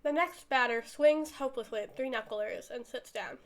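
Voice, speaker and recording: A young adult woman streamer reading a visual novel aloud in a lively, animated way. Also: a little high, moderate pace.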